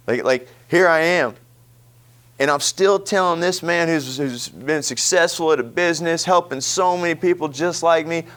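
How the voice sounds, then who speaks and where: A man telling his own story in a talk, animated, laughing often and restarting his sentences. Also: a little high, smooth. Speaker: speaker sharing his recovery story.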